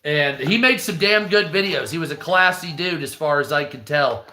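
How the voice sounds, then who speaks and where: Guy rambling and cursing on his stream, bright tense voice, roomy echo. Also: on the high side, moderate pace. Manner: rambling, profane, animated storytelling. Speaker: live-stream host. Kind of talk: casual profane live-stream chat.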